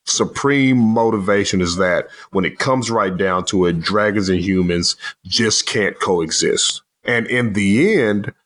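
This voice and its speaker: Lower-pitched man rambling casually. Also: measured pace, few pauses. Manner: rambling, animated, swears casually. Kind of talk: casual movie discussion.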